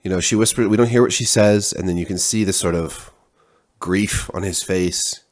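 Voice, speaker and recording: A man's voice: sits low, moderate pace. A man, a parent, giving a casual spoken TV review, rambling with many restarts and fillers.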